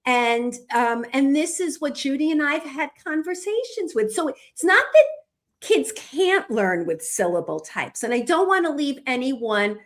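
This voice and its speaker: This is a woman co-hosting a podcast. She talks in a high register and takes her time. She explains things patiently, one step after another. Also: big pitch swings, measured pace. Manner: patient, walks through examples step by step. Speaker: podcast co-host explaining reading instruction.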